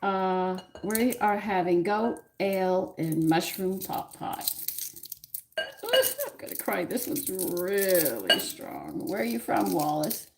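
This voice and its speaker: A woman with a low, gravelly voice hosts a cooking stream from her home kitchen. She chats loosely to her viewers, her pet and herself as she works. Dishes and pans clatter loudly behind her in the noisy room. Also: expressive, slow. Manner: chatty, talks to herself, viewers and her pet while working. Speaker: cooking show host. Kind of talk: casual cooking livestream chat.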